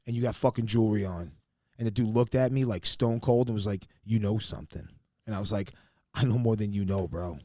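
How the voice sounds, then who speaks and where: He's a podcast co-host with a fairly low voice, speaking a little fast as he tells an animated, profanity-laced story and plays out the quotes. The recording is dry and of studio quality.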